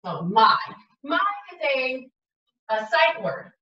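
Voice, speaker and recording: A woman teaches young children to write, speaking very slowly and stretching out each letter sound as she models the work. Her voice is bright and fairly high. She sounds far from the mic in an echoey room, and the recording is dull and lo-fi. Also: big pitch swings. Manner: slow, exaggerated sounding-out of letters and words. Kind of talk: early-grade writing lesson, modeling aloud.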